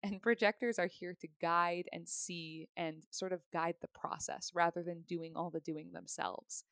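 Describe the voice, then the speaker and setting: A woman with a low, gravelly voice talks through ideas on a podcast. She explains in a chatty, easygoing way and laughs now and then. The sound is close and dry, with no room around it. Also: fairly even intonation, moderate pace, fairly bright tone, no echo. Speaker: podcast guest, human design reader. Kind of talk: casual podcast conversation.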